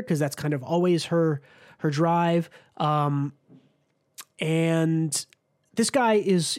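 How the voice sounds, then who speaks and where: Man, podcast host, higher-pitched, loose chatty delivery with frequent fillers. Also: a little mellow. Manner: chatty, many ums and restarts. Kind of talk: casual podcast chat.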